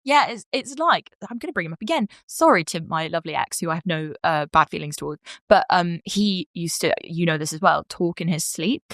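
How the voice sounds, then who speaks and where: A woman's voice: lowish voice, lively intonation, fairly quick, hardly any pauses, dry recording, clean studio sound. Frank, playful woman comedian. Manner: frank, playful, laughs often, swears freely. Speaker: podcast guest, comedian. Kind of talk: casual podcast chat.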